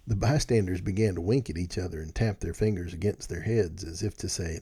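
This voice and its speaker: A man narrating a storybook in an expressive, animated reading. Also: sits low, brisk, few pauses, breathy edge.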